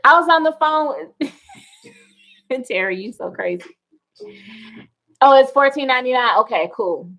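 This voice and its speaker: A young woman chats loosely on a livestream from home, her voice sitting somewhat high. She laughs easily and talks to her viewers by name as she goes. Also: animated, moderate pace, long pauses, a bit bright, rough recording. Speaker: wellness livestream host. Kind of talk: casual livestream chat. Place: at home indoors.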